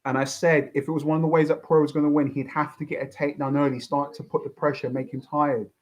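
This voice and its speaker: A man's voice: fairly high pitch, level tone, fast talker, rough recording. A young man hosting a fight reaction, ranting and swearing as he repeats himself. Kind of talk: excited fight reaction commentary.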